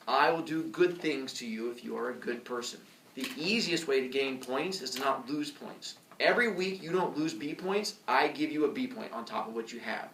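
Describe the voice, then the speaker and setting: A male teacher with a gravelly, creaky edge explains rules to his class, joking and tossing in playful impressions of students. He is picked up from across an echoey classroom, sounding distant from the camera, with a faint hiss behind him. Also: medium pitch, normal speed. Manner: joking, lively, puts on kid voices for effect. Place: school classroom. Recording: echoey classroom, far from mic.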